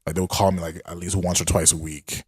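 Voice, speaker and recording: A man's voice: low voice, level tone, brisk, breathy edge, no room sound, clean studio sound. A young man co-hosting a podcast, chatting casually and telling stories in a laid-back way. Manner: laid-back, storytelling with acted quotes. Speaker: podcast co-host. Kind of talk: casual chat.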